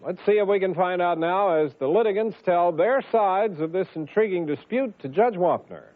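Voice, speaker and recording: A man's voice: high voice, normal speed, a little hiss or hum. A man hosting a courtroom show, giving a scripted, theatrical introduction of the case. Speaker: show host. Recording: tinny lo-fi broadcast audio.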